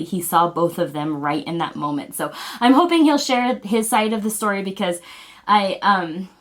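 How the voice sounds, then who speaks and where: A woman vlogger speaking in an earnest, heartfelt, halting way as she shares personal family news straight to camera. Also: fairly low pitch. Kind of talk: personal video announcement.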